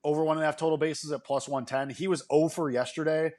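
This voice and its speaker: Male co-host, mid pitch, calm matter-of-fact betting analysis. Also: fast. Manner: relaxed, matter-of-fact bet breakdowns. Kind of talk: casual sports betting podcast chat.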